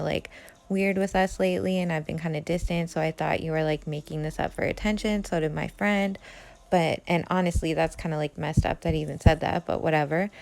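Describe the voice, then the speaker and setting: Brief: Canadian woman, low voice with fry, hushed and chatty storytelling. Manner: chatty, fills with "like", quiet and hushed. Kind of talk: casual first-person true story.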